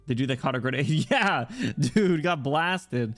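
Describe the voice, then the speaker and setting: A man's voice: mid-range voice, expressive, a little slow, few pauses, a bit bright, soft background music. A man streaming a game, chatting casually, joking and swearing. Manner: joking, crude, laughs easily. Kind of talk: casual gaming commentary with read-aloud dialogue.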